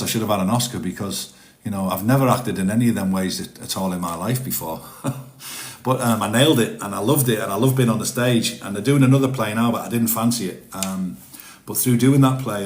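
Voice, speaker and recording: A man's voice: fairly low pitch, echoey room. A man chatting casually on a live stream from his home, rambling and self-deprecating.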